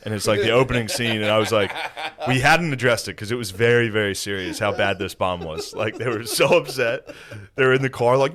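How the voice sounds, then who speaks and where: A man's voice: medium pitch, fairly quick. A man hosting a podcast, telling a story in casual chat, acting out quotes and laughing often. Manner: animated, acts out quotes, laughs a lot. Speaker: podcast host.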